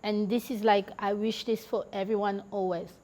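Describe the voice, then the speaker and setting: A podcast guest with a medium-pitched, somewhat mellow voice speaks at normal speed with a flat delivery. She tells stories in a chatty, casual way, with frequent "like" and "you know" and the odd laugh.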